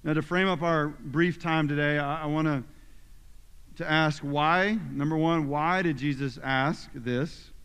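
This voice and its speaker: A man's voice: a little high, steady tone, unhurried, a bit bright, smooth. A male pastor delivering a sermon, reading scripture with emphatic, dramatic force. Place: church sanctuary. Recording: long reverb of a church hall.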